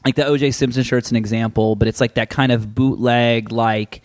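A man's voice: medium pitch, fairly even intonation, normal speed, no echo. A young man chatting casually as a guest, rambling and filling nearly every phrase with "like". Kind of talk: casual chat.

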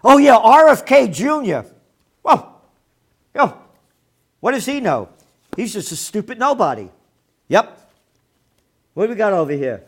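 A man's voice: high-pitched, very animated, a little slow, long pauses, husky. A man ranting angrily about the news, swearing often and mocking the people he quotes. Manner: angry, profane, sarcastic, mocking quoted people. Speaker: commentator.

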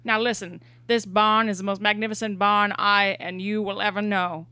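A woman's voice: medium pitch, level tone, moderate pace, bright, forceful tone, clear, resonant tone, dry recording, lightly acted. A woman playing a stern old farm father who lectures his child with dramatic warnings in an improvised comedy scene.

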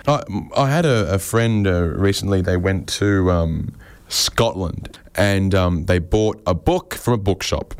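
Deadpan male comedian, low voice. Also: unhurried, clear, resonant tone, dry recording. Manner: deadpan, rambling, self-deprecating. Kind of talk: stand-up comedy monologue on radio.

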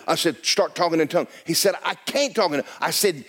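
A male pastor preaching a storytelling sermon, swinging from hushed asides to near-shouted declarations in a church sanctuary. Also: a little high, fast talker, hardly any pauses, breathy edge.

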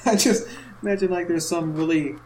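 A man's voice: sits high, fairly quick, background noise. A man co-hosting a podcast in casual chat, joking around and laughing often. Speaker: podcast co-host.

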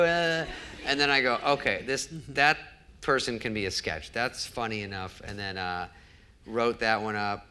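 Onstage in front of a live audience, a comedian guest recounts a show-business story, performing each quoted exchange himself. His fairly low voice moves at a normal speed with a bright, forceful tone, and there's slight background noise.

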